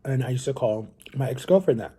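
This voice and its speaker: Male vlogger, dark and breathy tone, loose rambling storyteller talking to the camera. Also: mid-range voice, lively intonation, a little fast. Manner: rambling, chatty, often addresses viewers as guys. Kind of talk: casual storytelling to viewers.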